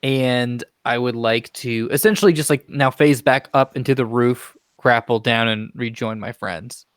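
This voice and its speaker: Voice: medium pitch, unhurried, no room sound, studio quality. A player in a tabletop game, talking casually and hesitantly.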